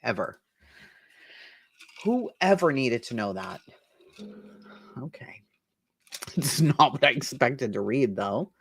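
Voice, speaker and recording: A woman's voice: extremely low pitch, very animated, takes it slowly, pauses often, slight background noise. A woman reading court testimony aloud and reacting with incredulous, profane commentary, laughing between lines. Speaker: commentary host.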